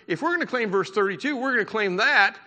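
A man preaching a sermon from a church pulpit, talking to his congregation in a loose, conversational way with the odd laugh. His voice is fairly high and bright, with a pressing edge. The sound carries a long, reverberant hall tail. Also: expressive, fast talker. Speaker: pastor.

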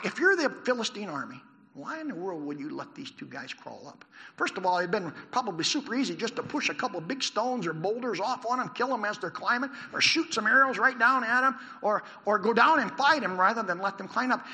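A man preaching a sermon in a church, animated, asking the congregation questions. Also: sits high, gravelly. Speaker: pastor. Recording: long hall reverb.

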